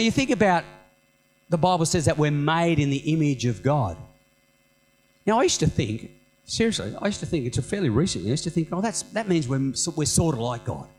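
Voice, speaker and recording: A middle-aged man preaching a sermon as senior pastor, animated and conversational, with humorous self-mocking asides. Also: on the high side, slight background noise, low-quality recording.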